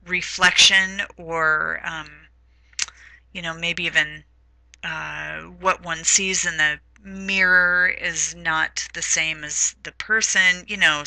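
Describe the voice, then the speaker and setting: A woman's voice: low-pitched, bright, forceful tone, no room sound, poor audio. A woman teaching a literature lesson in a recorded lecture, talking in a hesitant way with many fillers.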